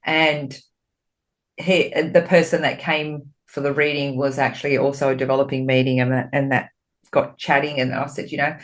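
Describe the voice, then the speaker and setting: A woman, a spiritual medium and podcast co-host, talking in a candid, expressive way in casual chat, swearing freely and getting animated when she retells her talks with spirit. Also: a bass voice, moderate pace.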